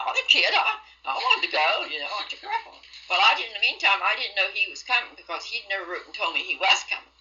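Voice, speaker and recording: A woman's voice: medium pitch, bright, forceful tone, lo-fi sound. An older woman from West Virginia, telling rambling folksy stories from her youth in an oral history interview. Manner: rambling folksy storytelling, dialect grammar.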